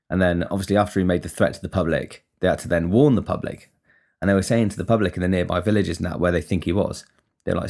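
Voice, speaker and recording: A man telling a story on a podcast in a casual, rambling way, swearing freely and getting animated. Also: deep voice, quick pace. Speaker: podcast host.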